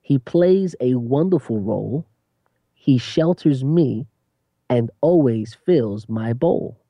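A man's voice: mid-range voice, animated, slow pace, no room sound, highs cut off. A man co-hosting a Christian radio talk show, answering with short agreements and reading a poem aloud earnestly. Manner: warm affirming interjections, earnest reading aloud. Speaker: radio co-host. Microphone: studio microphone.

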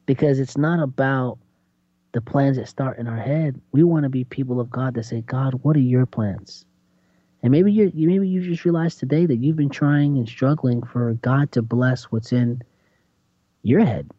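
A man preaching in a conversational sermon, animated and acting out voices with big jumps in pitch. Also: moderate pace, no echo. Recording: dull lo-fi sound.

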